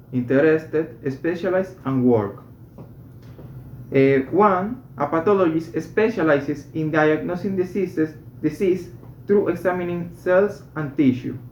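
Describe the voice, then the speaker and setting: A man reading medical English textbook exercises aloud, carefully and with a few slips and restarts. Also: on the high side. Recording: echoey room, dull lo-fi sound, faint noise.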